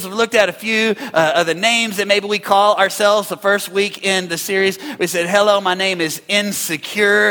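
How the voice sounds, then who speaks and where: A man preaching a sermon as pastor, energetic and calling on the congregation to respond. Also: sits high. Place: large church hall. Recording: echoey hall with long reverb.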